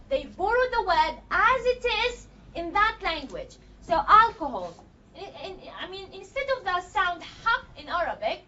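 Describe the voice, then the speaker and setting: A woman teaching a class in a very high, lively voice that rises and falls a great deal. She explains patiently and step by step, checking in with short questions. The recording is dull and lo-fi. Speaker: language teacher. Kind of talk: classroom lecture.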